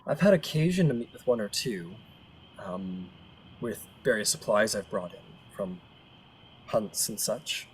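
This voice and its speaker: A man doing a gruff wilderness ranger. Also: lowish voice, very animated, measured pace, slight background noise, poor audio. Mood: dry. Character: gruff male wilderness ranger, uneasy in cities.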